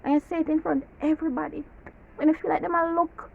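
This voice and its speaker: A woman's voice: sits high, little pitch movement, fast talker, gravelly. A young woman with a Jamaican accent, ranting animatedly in heavy patois about her pet peeves in a casual vlog. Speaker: vlogger. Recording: slightly dull lo-fi audio with faint hiss.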